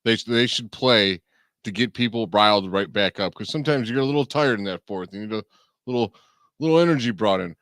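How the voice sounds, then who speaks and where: Man, sports radio host, relaxed, joking, low voice, dry sound. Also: brisk, dry recording.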